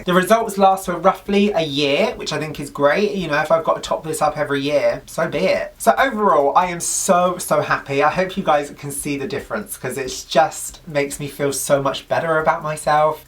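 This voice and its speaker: A man's voice: on the high side, recorded from a distance. A man vlogging to camera in a chatty, gushing, upbeat way. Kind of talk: casual talk to camera.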